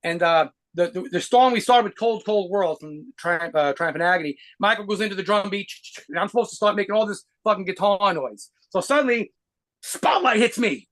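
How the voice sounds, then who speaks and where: A man telling rapid, profanity-laced stories as a guitarist being interviewed. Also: sits high, a bit bright. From United States. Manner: rapid profane anecdotes with laughs. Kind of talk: fast storytelling interview.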